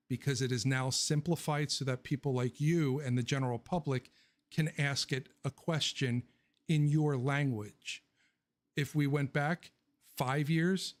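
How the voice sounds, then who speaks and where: A man hosting a casual livestream Q&A, rambling and joking, blunt with his opinions and laughing often. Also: medium pitch. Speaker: livestream host answering viewer questions.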